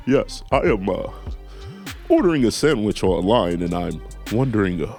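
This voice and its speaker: A man's voice: lowish voice, normal speed, soft background music. A man hosting a casual talk show, telling a comedic story and acting out both sides of a phone call in put-on voices. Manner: animated, acts out phone calls in put-on voices. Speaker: podcast host.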